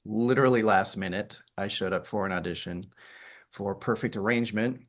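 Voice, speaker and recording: A middle-aged man from the Upper Peninsula of Michigan, whose faint Yooper accent sits in a somewhat low voice. He is a theater director talking through his path in an interview. He rambles in a chatty way, full of fillers and restarts. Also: moderate pace. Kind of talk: interview conversation.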